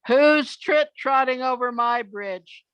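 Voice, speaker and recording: A woman voicing a mean male troll from a storybook, drawing out his threats slowly. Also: high-pitched, no room sound, lo-fi sound, voice pushed up. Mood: demanding. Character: mean male troll living under a bridge.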